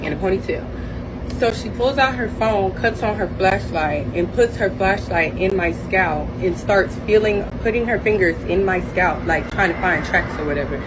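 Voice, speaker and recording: A woman telling a storytime vlog in a blunt, animated, indignant way. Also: mid-range voice, moderate pace, noisy background.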